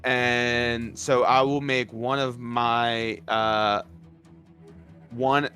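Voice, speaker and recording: A man playing a tabletop game, thinking aloud through his turn in an unhurried way. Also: mid-range voice, little pitch movement, sharp tone, soft background music. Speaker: player. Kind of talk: tabletop game play on stream.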